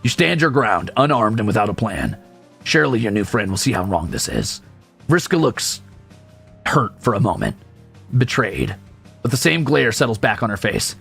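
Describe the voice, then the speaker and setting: A man's voice: fairly low pitch, big pitch swings, moderate pace, vocal fry, fairly bright tone, slightly rough, soft background music. A male streamer reading a game's story aloud, with sarcastic, profane asides. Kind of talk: game read-through with commentary.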